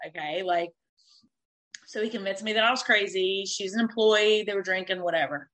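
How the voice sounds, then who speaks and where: A woman in her thirties tells a personal story with candid, animated energy, acting out what people said and swearing freely. Her voice is bright and forward. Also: mid-range voice, moderate pace, low-quality recording. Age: 30s.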